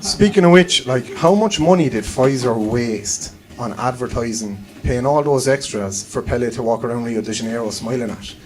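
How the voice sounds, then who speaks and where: A man's voice: medium pitch, moderate pace, few pauses, a little mellow, low-quality recording. A man in his late twenties with a Cork Irish accent, doing a chatty, self-deprecating live stand-up set and swearing freely. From Ireland (Cork). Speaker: stand-up comedian.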